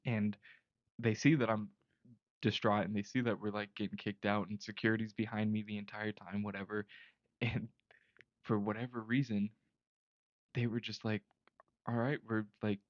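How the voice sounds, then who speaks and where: A man's voice: on the low side, level tone, moderate pace, pauses often, no echo, dull audio. A young man co-hosting a podcast, telling a long story in casual chat with many restarts and fillers. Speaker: podcast co-host.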